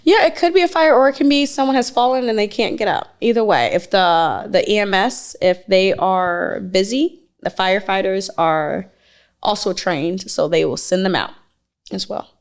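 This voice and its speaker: A woman's voice: mid-range voice, normal speed. A woman co-hosting a podcast in casual chat, joking and teasing as she talks. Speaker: podcast co-host.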